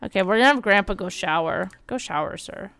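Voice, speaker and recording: Woman streamer, lively gameplay commentary, smooth resonant voice. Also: medium pitch. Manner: animated, bursts of exclaiming and quick read-outs. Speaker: game streamer.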